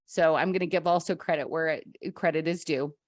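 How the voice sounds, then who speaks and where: Woman podcast host, lowish voice, dry close sound, effusive and heartfelt. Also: fairly even intonation, a little fast, dry recording. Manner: effusive, gushing praise. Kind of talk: heartfelt podcast introduction and chat.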